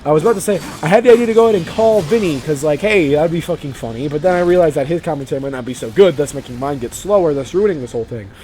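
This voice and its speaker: A young man from Vermont rambling and swearing through a casual game commentary, self-deprecating and quick to laugh. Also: on the high side, mellow, slight background noise. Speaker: let's play commentator.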